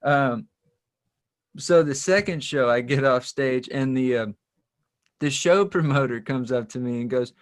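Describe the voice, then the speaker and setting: Guest spot: male country musician, mid-pitched, casual rambling storyteller, self-deprecating, laughs a lot. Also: measured pace.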